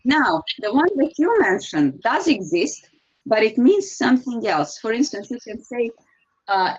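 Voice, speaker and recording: A woman's voice: a little high, very animated, moderate pace, husky, muffled recording. A woman with a Serbian accent teaching an English grammar class online, patient and encouraging as she explains step by step.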